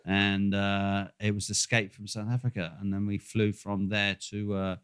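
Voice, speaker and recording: A man's voice: fairly low pitch, level tone, normal speed, a bit bright, clear, resonant tone. An older man telling a long, rambling travel story in casual chat, swearing freely and full of fillers. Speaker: podcast co-host.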